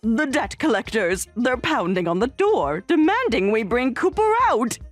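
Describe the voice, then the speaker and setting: Entitled mother in a story drama, indignant and insistent, slow delivery with swinging pitch, a woman acting it. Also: very animated, soft background music. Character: entitled middle-aged mother, indignant and blaming. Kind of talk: voiced story narration drama.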